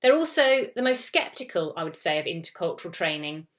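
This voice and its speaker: A woman's voice: on the low side, very animated, fairly quick, fairly bright tone. A British woman working as an intercultural trainer, giving advice to camera in a conversational way, with many "you know" fillers. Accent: British English. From Britain. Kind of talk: talking-head advice video.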